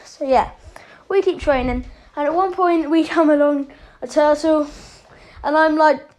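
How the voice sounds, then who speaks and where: A woman's voice: high-pitched, lively intonation, moderate pace, darkish tone. A woman casually telling a made-up story as a channel host, rambling and correcting herself often. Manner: rambling, with many fillers and self-corrections.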